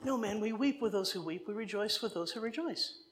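A woman from New Jersey gives a sermon in a chatty, animated way. She wanders into humorous side stories and then finds her way back to the text. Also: mid-range voice, brisk. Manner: animated, conversational, digressive with humor. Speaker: preacher.

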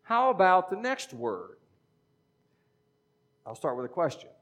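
A middle-aged man preaching in an easy, conversational teaching style. His voice sits a little on the high side, and he keeps checking in with his listeners. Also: very animated, measured pace, fairly bright tone. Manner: conversational teaching, frequent "okay?" check-ins. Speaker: pastor. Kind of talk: sermon.

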